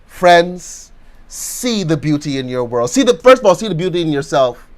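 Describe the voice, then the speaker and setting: A male pastor giving a motivational sermon, chatting casually and then leading the congregation in slow, rising call-and-response affirmations. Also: fairly high pitch, big pitch swings. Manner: conversational, chatty asides.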